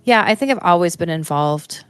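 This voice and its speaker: A woman's voice: on the low side, animated, moderate pace, smooth, no echo, soft background music. An American woman, a musician guest talking casually and easily in an interview. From United States.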